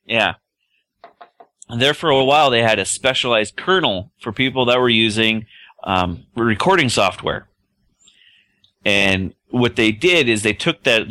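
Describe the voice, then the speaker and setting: A man's voice: on the low side, pushed and bright, no echo. A man on a tech podcast panel who hesitates and searches for words while explaining. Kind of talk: casual tech chat.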